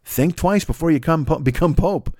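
A man delivering a rambling, profane comedic monologue, slipping into quick voices for the people in his story. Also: a little high, darkish tone, dry recording, clean studio sound. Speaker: podcast host.

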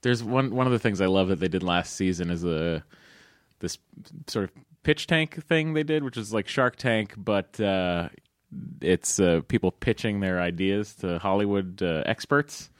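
Male comedy writer, casual guest chat, halting delivery full of fillers, dry close sound. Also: sits low, dry recording. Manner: hesitant, many fillers, playful.

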